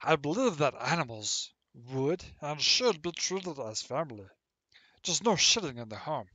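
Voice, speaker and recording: A man doing a genial hobbit armorer, slow and grand. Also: on the high side, sing-song, pushed and bright, slightly rough, no echo, exaggerated voice. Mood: genial, grave. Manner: slow, grand storyteller cadence. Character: genial male hobbit armorer, stern about order. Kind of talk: reading a roleplay backstory in character.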